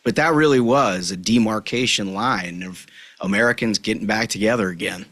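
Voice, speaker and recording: A man's voice: lowish voice, moderate pace, a bit bright, dry recording. A man from Minnesota joining a talk show as a guest, speaking earnestly and agreeably. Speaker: podcast host guest. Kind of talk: casual conversational commentary.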